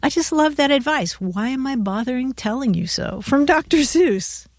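A woman co-hosting a radio talk show, chatting casually and listening warmly. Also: sits high, animated, normal speed, dry recording, clean studio sound.

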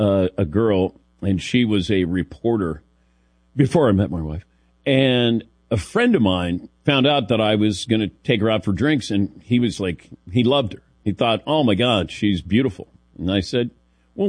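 A man's voice: lowish voice, no room sound, clean studio sound. A man from the Midwest hosting a sports radio show, telling stories in a wry, self-deprecating way and chuckling between lines. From American Midwest. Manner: wry, self-deprecating storyteller who laughs often. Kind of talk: casual sports radio banter.

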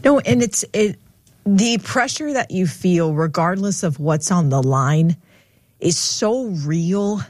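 A woman's voice: lowish voice, expressive, slow, a little mellow, no echo. A woman co-hosting a casual talk show, thinking aloud in a reflective way. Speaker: co-host. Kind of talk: casual chat.

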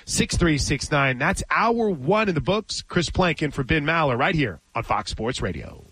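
A man's voice: on the high side, very animated, normal speed, fairly bright tone, slightly rough, no echo, low-quality recording. A man hosting a sports talk radio show in a studio, chatty and telling stories. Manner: chatty, storytelling. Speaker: radio host.

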